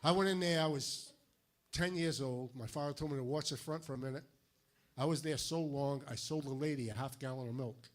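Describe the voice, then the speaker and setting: An older man from Fall River with a New England accent, doing a stand-up routine of deadpan one-liners with punchy timing. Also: mid-range voice, brisk. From Fall River, Massachusetts. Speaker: stand-up comedian. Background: audience laughter.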